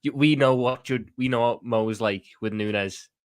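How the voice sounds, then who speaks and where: A man's voice: mid-range voice, smooth, dry recording, studio quality. Scouse man talking football. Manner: earnest, quick, stumbling restarts. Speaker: football pundit guest. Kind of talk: casual fan debate.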